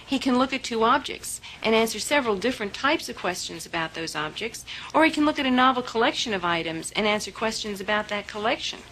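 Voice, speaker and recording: A woman's voice: fairly high pitch, animated, quick pace, hardly any pauses, fairly bright tone, slight background noise, poor audio. A woman researcher explains animal cognition in an interview and patiently talks with a parrot.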